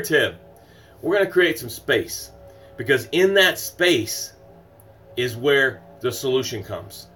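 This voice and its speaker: A man hosting a morning motivational livestream, emphatic and repetitive, greeting viewers by name and guiding breathing exercises. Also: medium pitch. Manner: swings from loud exclamations to soft breathing guidance. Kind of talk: motivational live stream talk.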